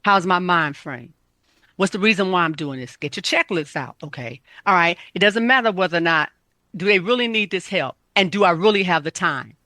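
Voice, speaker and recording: A woman's voice: lowish voice, lively intonation, a little fast, pushed and bright, no room sound. A woman health coach giving casual, emphatic self-care advice, repeating her points.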